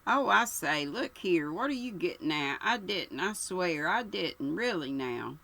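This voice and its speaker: A woman's voice: on the low side, animated, measured pace, vocal fry, bright, forceful tone, heavily acted, poor audio. A woman voicing a dim, vague young Englishman who rambles and halts as he talks.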